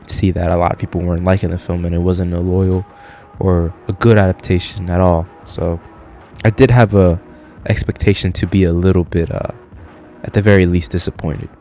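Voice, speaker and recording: Young male reviewer, low voice, chatty and profane, faint music underneath. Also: warm tone. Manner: profane, rambling, loose and chatty. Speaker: film reviewer. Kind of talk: casual spoken review.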